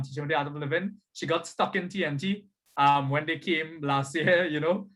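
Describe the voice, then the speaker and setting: A man's voice: a little high, a bit bright. Upbeat man hosting a workshop. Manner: chatty, upbeat, repeats "you understand?" and "right?". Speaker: spiritual coach and workshop host. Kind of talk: casual online workshop talk. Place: online video call. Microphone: video call.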